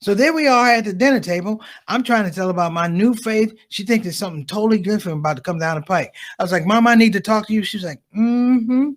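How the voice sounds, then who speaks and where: A middle-aged man from the United States doing a stand-up comedy set, animated and acting out the voices of family and friends. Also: high voice, fast talker, few pauses.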